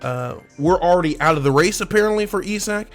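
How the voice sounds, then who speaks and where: Man, sports channel host, casual transfer chat, slangy, animated, fairly high voice. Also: brisk, faint music behind. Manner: animated, slangy, laughs often, addresses fans directly. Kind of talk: casual football transfer commentary.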